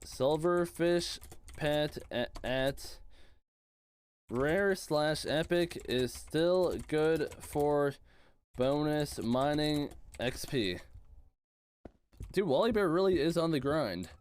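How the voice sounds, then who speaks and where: A man with a slightly high voice, streaming a game live and chatting with his viewers. He reads their messages aloud and answers them casually. His pitch jumps up when he greets people. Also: expressive, takes it slowly, darkish tone, smooth. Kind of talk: live-stream chat reading while gaming.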